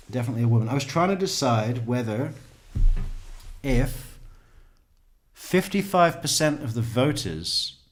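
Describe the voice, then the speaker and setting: A man hosting a casual true crime livestream, rambling and chatting with viewers, swearing often and laughing at himself. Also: mid-range voice.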